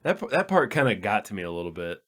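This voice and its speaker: A man's voice: fairly low pitch, big pitch swings, fast, a bit bright. A man co-hosting a movie podcast, casually retelling funny scenes and laughing often. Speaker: podcast co-host. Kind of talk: casual movie review chat.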